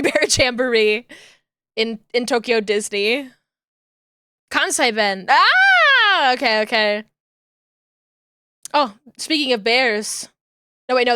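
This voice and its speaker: A woman's voice: a little high, bright, forceful tone, smooth, dry recording, clean studio sound. A woman streamer chatting casually with viewers, rambling along with lots of fillers and restarts.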